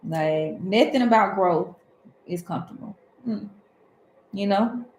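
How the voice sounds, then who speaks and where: A woman's voice: mid-range voice, a little slow, a little mellow, reverberant, slight background noise, low-quality recording. A woman from Alabama with a Southern accent, giving a rambling, conversational spiritual talk as a tarot host.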